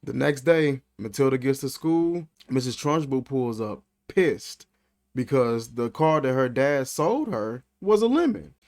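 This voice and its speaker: A man giving a casual movie review, animated and incredulous, talking in loose slang. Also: medium pitch, unhurried. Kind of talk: casual film commentary.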